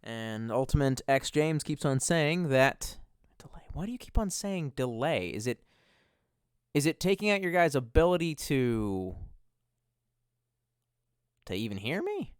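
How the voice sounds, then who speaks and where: A man's voice: medium pitch, sing-song, a little slow, long pauses, clear, resonant tone, dry recording, clean studio sound. A man chatting casually and profanely on a livestream, rambling from one thought to the next with self-mocking asides. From United States. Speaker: streamer.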